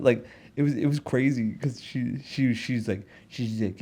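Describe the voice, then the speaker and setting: Young man, podcast host, low voice, mellow tone, casual rambling storytelling. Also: measured pace, hardly any pauses. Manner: rambling storytelling with many restarts and chuckles. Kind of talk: casual comedic monologue. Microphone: studio mic in front of a backdrop.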